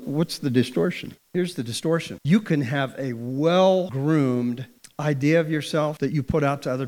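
A man's voice: medium pitch, darkish tone. A man preaching a sermon in an earnest, direct way, posing rhetorical questions to his listeners. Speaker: pastor. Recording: long hall reverb.

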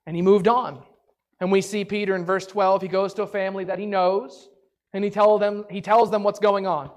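A woman teaching a Bible story in a casual, animated way, chatty and full of "like", acting out the characters' lines. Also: medium pitch. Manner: animated, acts out the characters' lines in quick voices; chatty, peppered with "like".

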